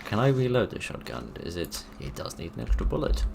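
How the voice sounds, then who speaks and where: Deep-voiced sarcastic man. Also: big pitch swings, a little fast, gravelly, background noise. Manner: dry sarcastic muttering. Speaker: gaming video narrator. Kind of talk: let's play commentary.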